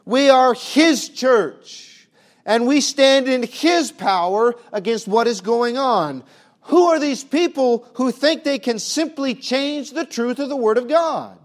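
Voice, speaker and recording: A man preaching a sermon with emphatic rhetorical questions, swinging from booming lines to hushed ones, with a folksy turn of phrase. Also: animated, takes it slowly.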